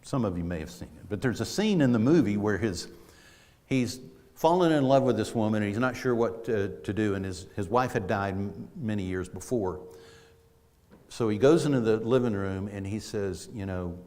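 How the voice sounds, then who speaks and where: A middle-aged man delivers a casual, story-driven sermon in a low voice. He talks in a folksy way, often restarting his sentences. His voice carries the long reverb of a church sanctuary. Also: moderate pace, darkish tone. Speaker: preacher. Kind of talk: conversational sermon.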